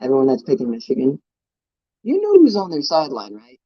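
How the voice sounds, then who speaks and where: A man's voice: medium pitch, wildly swooping pitch, brisk, breathy edge, no room sound. Profane man ranting about football. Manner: profane, heated sports ranting. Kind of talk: casual live-stream chat. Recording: dry, slightly dull mic sound.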